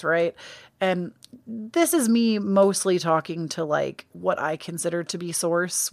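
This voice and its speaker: A woman's voice: lowish voice, no echo, studio quality. Candid rambling woman podcast host. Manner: candid, rambling, self-correcting. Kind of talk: casual spiritual podcast monologue.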